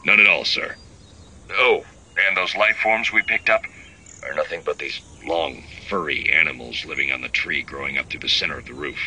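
A man voicing male military officers who give crisp, clipped reports over a comm line. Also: rumbling low, normal speed, bright, forceful tone, a little hiss or hum, exaggerated voice, rough recording. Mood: reporting.

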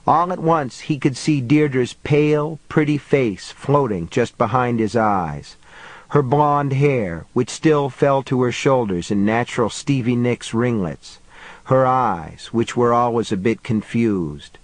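A man narrating an audiobook in a measured, steady storytelling manner. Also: mid-range voice, no echo, poor audio. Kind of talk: scripted narration.

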